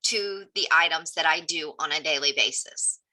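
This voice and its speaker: A woman's voice: low voice, normal speed, sharp tone, poor audio. A female real estate agent speaking earnestly and emphatically during a casual group video call.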